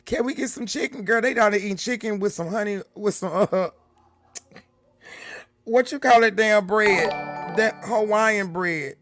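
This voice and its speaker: A woman's voice: mid-range voice, a little slow, long pauses, faint music behind. A woman hosting a casual livestream from a room at home, chatting with viewers and calling them baby and honey. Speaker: livestream host.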